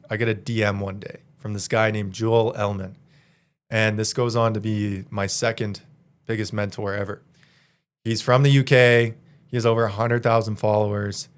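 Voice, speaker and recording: A young man in his twenties from Canada, a podcast guest telling a story in a casual, slangy, animated way and laughing as he goes. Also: fairly low pitch, clear, resonant tone. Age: 20s.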